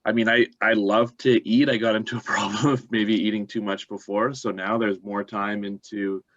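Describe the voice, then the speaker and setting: A man on a group video call speaking in a measured, reflective way. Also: lowish voice, flat delivery, fairly bright tone, no room sound, lo-fi sound. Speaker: participant, parent. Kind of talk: casual chat on a video call. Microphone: video call mic.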